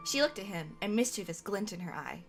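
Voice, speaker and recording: A woman's voice: mid-range voice, animated, brisk, creaky, faint music behind. A young woman from Canada playfully reading aloud her own old role-play narration.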